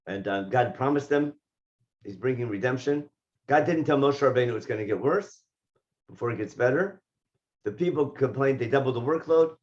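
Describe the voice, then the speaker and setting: A man teaching a Torah class, reading Hebrew verses and explaining them in English, and getting lively when he voices the figures in the text. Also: medium pitch, moderate pace, muffled recording. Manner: animated when voicing the speakers in the text. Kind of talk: text study lesson.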